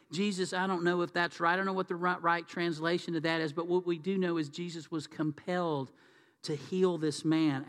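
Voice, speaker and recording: High-voiced pastor in a reverberant hall. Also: male voice. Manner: conversational, folksy preaching. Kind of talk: sermon.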